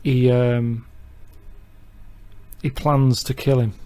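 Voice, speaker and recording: A man, haltingly pitching a rambling film story and acting out the quotes, in a comedy sketch. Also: flat delivery, mellow, clear, resonant tone.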